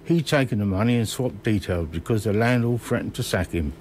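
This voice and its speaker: A man's voice: fairly low pitch, expressive, a little fast, a little mellow, a little hiss or hum, close to an everyday voice. A man reading as an indignant schoolboy.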